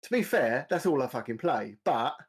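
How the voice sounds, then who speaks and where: A man's voice: mid-range voice, expressive, moderate pace, slightly rough. A man, grumbling bluntly and swearing freely in casual podcast chat. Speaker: podcast co-host.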